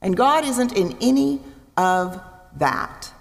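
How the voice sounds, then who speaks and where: A woman preaching a sermon in a church, expressive, acting out voices and asking her listeners questions. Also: a little high, slow, gravelly. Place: church sanctuary. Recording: long reverb in a large hall.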